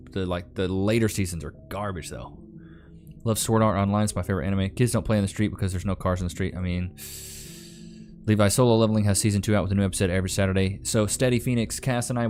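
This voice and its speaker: A young man from Northeast Texas with a lowish, slightly mellow voice and a Southern Texan accent chats casually on a live stream, reading viewer comments aloud in a laid-back drawl. Faint music plays in the background.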